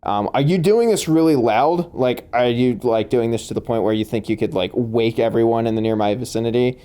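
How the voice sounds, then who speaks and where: A man's voice: medium pitch, a little fast, dark tone, clean tone. A man running a tabletop game as game master, laughing often and talking with many fillers and restarts.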